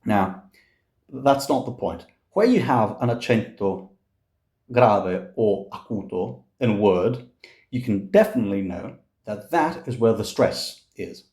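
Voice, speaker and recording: A man with a fairly low voice teaching Italian pronunciation for singers. He speaks very slowly and patiently and repeats each word as a model. The echoey room gives his voice some ring. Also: expressive, a little mellow. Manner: slow and patient, models words repeatedly, murmurs "mm" often. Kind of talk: relaxed explanatory lesson.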